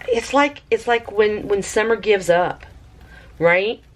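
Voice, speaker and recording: A woman with a lilt hosts a relaxed craft vlog, talking at an unhurried pace. She chats with viewers as if they were friends, and she bubbles up with excitement over her results. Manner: bubbly and excitable, squeals with high delight; chatty, talks to viewers as friends. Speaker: craft video host. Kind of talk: casual product review vlog.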